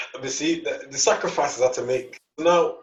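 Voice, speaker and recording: A man's voice: medium pitch, normal speed. Young male podcast co-host, casual storyteller, stammers and plays out the dialogue; distant, roomy, muffled recording. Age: young adult. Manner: rambling, repeats words, acts out dialogue. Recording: echoey, distant, dull lo-fi mic.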